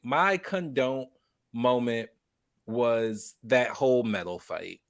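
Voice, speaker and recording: Male podcast co-host, unhurried, drawn-out casual chatter. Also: medium pitch, no echo. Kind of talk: casual chat.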